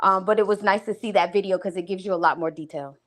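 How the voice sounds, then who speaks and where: A woman co-hosting a casual talk radio show, speaking in a thoughtful, measured way with frequent pauses. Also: medium pitch, fairly even intonation. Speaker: co-host.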